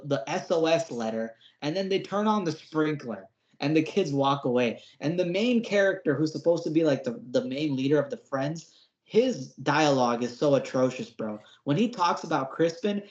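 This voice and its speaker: A man with a slightly high voice rants through a casual review, slangy and exasperated, quick to mock. His voice is captured in a roomy space with a dull, lo-fi tone. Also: animated, a little mellow. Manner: exasperated, slangy, mocking with put-on whiny voices. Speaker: podcast co-host reviewing horror episodes.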